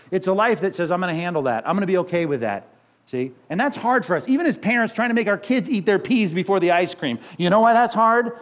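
High-voiced man preaching a lively sermon. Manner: animated preaching with rhetorical questions. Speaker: pastor.

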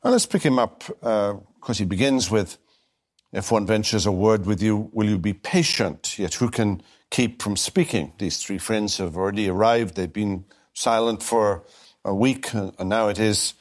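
Deliberate, emphatic male Bible teacher. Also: fairly low pitch. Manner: deliberate, emphatic, with slow stressed phrases. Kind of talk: recorded teaching lecture.

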